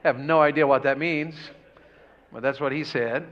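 A man's voice: fairly high pitch, fairly even intonation, moderate pace. A man preaching a revival sermon, folksy and full of questions to the congregation. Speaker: pastor. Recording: dull lo-fi church audio.

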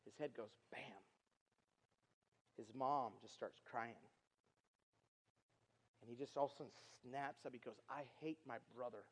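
A middle-aged man giving an earnest storytelling sermon as a youth speaker, repeating himself and dropping from loud to hushed. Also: medium pitch, steady tone, unhurried, pauses often. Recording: long reverb of a large hall.

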